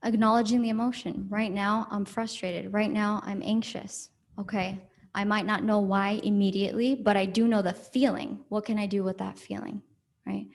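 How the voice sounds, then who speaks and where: A woman counselor speaking calmly and practically to a church group, answering questions. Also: mid-range voice, normal speed, vocal fry. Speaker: counselor giving a church talk. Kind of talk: talk with audience questions. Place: church hall.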